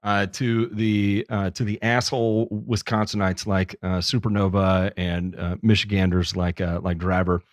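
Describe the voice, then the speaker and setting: A man's voice: lowish voice, level tone, normal speed, hardly any pauses, no echo. A man hosting a casual livestream talk show, teasing his guests and talking in bursts with lots of restarts and fillers. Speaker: podcast host.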